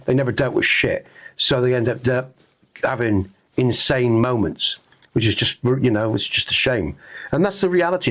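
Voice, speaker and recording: A man's voice: mid-range voice, gravelly, fairly bright tone. A middle-aged man hosting a game stream, talking earnestly in a rambling, reflective way with lots of fillers and restarts. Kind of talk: reflective casual chat on stream.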